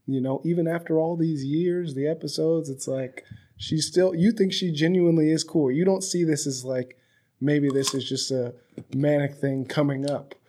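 A man's voice: a little high, steady tone, normal speed, warm tone. A man hosting a podcast, talking loosely and profanely in a chatty, storytelling way. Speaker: podcast host. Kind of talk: casual conversation. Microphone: podcast microphone.

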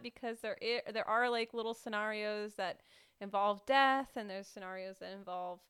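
A woman's voice: on the high side, fairly quick, fairly bright tone, smooth. A young woman co-hosting a podcast in casual chat, bubbly and rambling with giggles. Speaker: podcast co-host.

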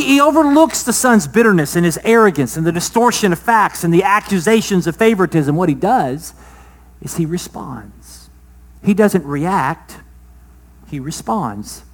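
A man preaching a sermon, asking the congregation rhetorical questions, his voice rising loud and then dropping soft. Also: sits high, animated, normal speed. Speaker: pastor.

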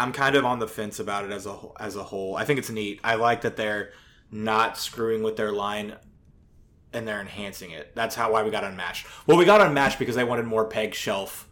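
A man co-hosting a podcast rambles through casual chat, using lots of fillers and the odd swear. His voice sits on the low side and is a bit bright.

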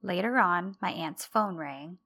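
A woman's voice: fairly low pitch, a little slow, sharp tone. A woman co-hosting a podcast, chatting casually and animatedly as she retells TV scenes and acts out the characters' lines. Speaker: podcast co-host. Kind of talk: casual chat recapping a TV show.

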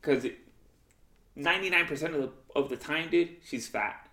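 With a fairly high voice at a moderate pace, this young man chats casually and tells stories, mimicking the voices of people he quotes. He curses freely and talks in slang, and the sound carries a roomy echo.

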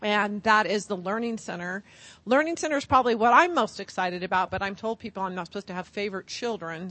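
A woman's voice: medium pitch, bright, forceful tone, no echo. Woman, middle-aged, vendor presenter, upbeat and chatty, dry sound. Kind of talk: conference product presentation.

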